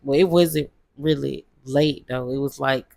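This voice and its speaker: A woman's voice: a bass voice, fairly even intonation, unhurried, gravelly, dark tone, no room sound. A woman vlogger casually telling a travel story, loose and slangy with lots of fillers.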